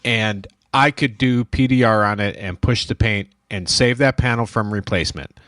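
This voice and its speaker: Man retelling a shop story, low voice. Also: normal speed, fairly bright tone, dry recording, studio quality. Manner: storytelling, acts out quoted dialogue. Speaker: dent repair shop owner, show host. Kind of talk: casual shop talk.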